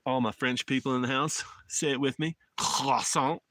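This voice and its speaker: A man's voice: mid-range voice, fairly even intonation, brisk, a bit bright, slight background noise. A man from Alabama with a Southern accent, rambling in a folksy way as he chats with viewers on an outdoor live stream from a phone in the mountains. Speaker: motorcycle travel vlogger. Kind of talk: casual live-stream chat.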